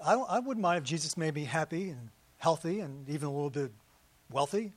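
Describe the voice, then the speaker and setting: A man with a high-pitched voice preaches a relaxed, conversational sermon. He keeps throwing rhetorical questions and quick asides at his congregation. The sound is close and dry, with almost no room around it. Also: no room sound. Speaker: pastor.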